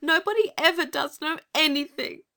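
A man voicing an upset young girl who is tearful and cross, in a high sobbing falsetto. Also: expressive, moderate pace, gravelly, pushed and bright, heavily acted.

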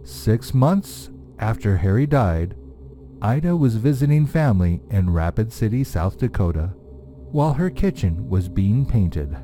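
A man narrating listener-submitted ghost stories in a measured, suspenseful reading style. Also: fairly low pitch, big pitch swings, mellow. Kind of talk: scripted storytelling narration.

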